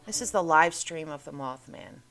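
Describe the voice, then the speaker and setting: A woman's voice: low voice, expressive, moderate pace, vocal fry, a bit bright, soft background music. A woman hosting a casual talk show, chatty and rambling as she goes through curiosities on her screen. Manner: chatty, rambling, self-interrupting. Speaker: host.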